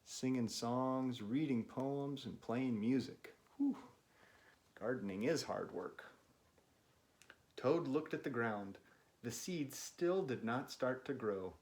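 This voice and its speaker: A man reading a picture book aloud to children, with gentle chatty asides to young listeners. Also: mid-range voice, slow. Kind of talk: read-aloud storytime for kids.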